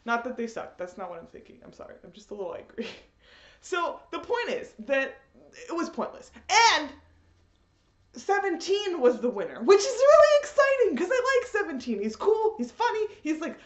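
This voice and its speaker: A woman reviewing an anime episode in a casual vlog, in an animated, rambling fan rant. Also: very high voice, normal speed. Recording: echoey room, dull lo-fi audio.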